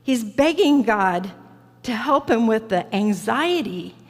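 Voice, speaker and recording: A woman preaching a reflective, personal sermon in a church sanctuary, slow and deliberate. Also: fairly high pitch, expressive. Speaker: guest preacher. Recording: church hall reverb.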